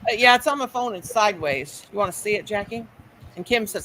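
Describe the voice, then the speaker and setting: A woman hosting a casual crochet live stream, telling animated stories. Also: mid-range voice, fast. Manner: animated storyteller, quotes people with Southern-style grammar. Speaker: crochet channel host. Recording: noisy home live stream.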